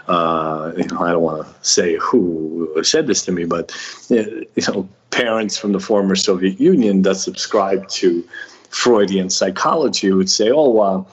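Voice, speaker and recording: A man speaking earnestly and thoughtfully in a conversation about faith and family. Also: deep voice. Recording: dull lo-fi recording.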